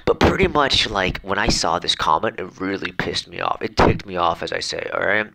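A man's voice: deep voice, lively intonation, normal speed, gravelly, pushed and bright, poor audio. A man in a brash, boastful comedic rant, rambling with lots of fillers as he reads out comments. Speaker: comedic YouTuber reading comments.

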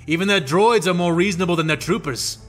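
A man voicing a gruff, sarcastic male soldier captain who grumbles. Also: high-pitched, fast, fairly bright tone, soft background music.

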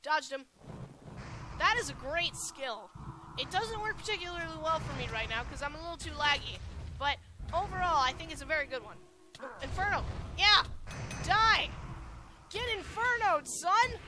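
A woman commentating her own gameplay live, excitably shouting spell names and taunts at opponents. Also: high voice, a little fast, noisy background. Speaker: gaming channel host.

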